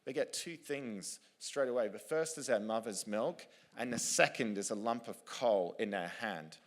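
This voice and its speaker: A man's voice: fairly low pitch, normal speed, lightly acted. A man voicing an indignant townsman from a coal town, pleading and emphatic.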